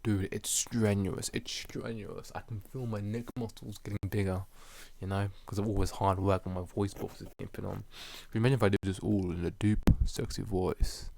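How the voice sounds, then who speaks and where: A man's voice: lowish voice, fairly even intonation, fast, creaky, hardly any pauses, darkish tone. A young man hosting a solo podcast, rambling casually with lots of fillers, slang and jokes. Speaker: podcast host.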